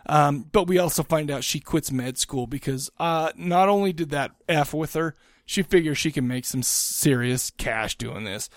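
A man talks a slightly high-pitched streak about a horror movie, rambling and cursing freely as he plays out what the characters say. His voice sits dry and close to the mic, with no room echo. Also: normal speed, few pauses. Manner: rambling, profane, acts out quotes. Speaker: podcast co-host. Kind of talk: casual movie review chat.

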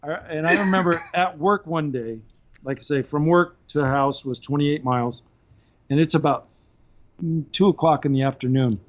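A man telling a story on a podcast in a casual, animated way, laughing between points, heard on slightly dull audio. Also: fairly high pitch, moderate pace. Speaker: podcast guest.

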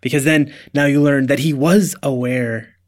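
A man co-hosting a podcast in casual chat about a TV episode. He speaks emphatically and often restarts his sentences. His voice sits at an ordinary middle pitch. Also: fairly even intonation, moderate pace. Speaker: podcast co-host.

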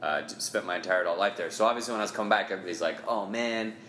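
A man in his thirties talks as a podcast guest, candid and blunt with a joking edge. His voice sits on the low side. The room sounds roomy, with faint noise behind. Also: racing, bright, forceful tone. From Ohio, USA. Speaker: guest comedian. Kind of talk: casual podcast conversation.

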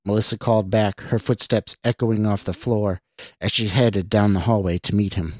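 A man, the podcast host, reading his own horror story in a measured, steady way. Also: fairly low pitch, no echo, studio quality. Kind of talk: scripted horror narration.

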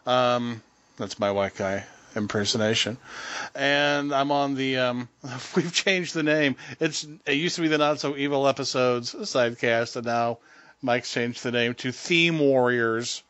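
A man who writes, chatting casually as a podcast guest, relaxed with many fillers and self-mocking jokes. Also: mid-range voice, measured pace, clear, resonant tone, no room sound. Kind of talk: casual chat. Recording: dry, dull lo-fi sound.

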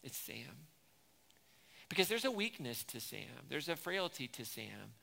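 A man preaches a sermon with a bright, forceful voice that carries a gravelly edge. He retells movie scenes with growing intensity. His voice rings out through a long church reverb. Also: medium pitch, sing-song, unhurried. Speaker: pastor.

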